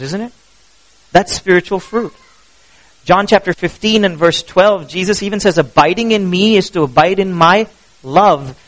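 A pastor preaching a sermon, animated and asking the congregation questions as he goes. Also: on the high side, rough recording.

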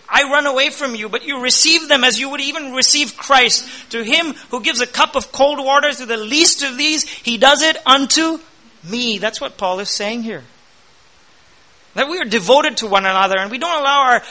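A man preaching a sermon as pastor, energetic, with rising emphasis and quoted scripture. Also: high-pitched.

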